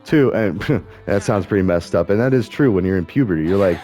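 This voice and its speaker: A man's voice: low-pitched, normal speed, few pauses, warm tone, faint music behind. A middle-aged man talking in rambling, casual commentary as he plays a game, musing aloud and correcting himself as he goes. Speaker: gaming streamer.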